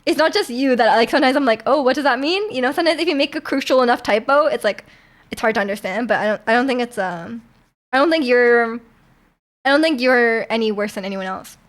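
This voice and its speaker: A woman's voice: fairly high pitch, animated, fast. A young woman from Canada chatting casually with viewers on a live stream, rambling with lots of fillers and laughs.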